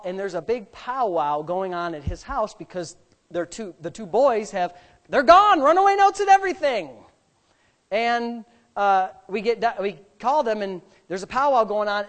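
A middle-aged man, a pastor, telling a story in a sermon and acting out the voices. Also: high voice. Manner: animated, acts out voices.

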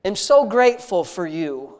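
An earnest man leads a heartfelt spoken prayer in an intimate, conversational tone, repeating phrases of praise. His voice sits high, very animated and a little slow.

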